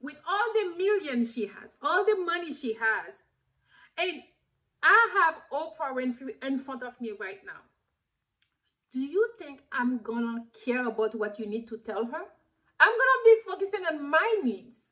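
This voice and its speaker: A woman retelling what a teasing, blunt adult man said, firing quick questions at her. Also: very high-pitched, very animated, pushed and bright, full character voice. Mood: mocking.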